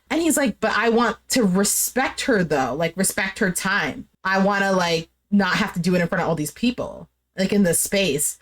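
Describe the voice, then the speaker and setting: A young woman casually recapping a dating show, chatty and animated, full of "like" and quoted dialogue. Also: medium pitch, moderate pace, hardly any pauses. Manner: chatty, animated retelling with lots of "like". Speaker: recap streamer.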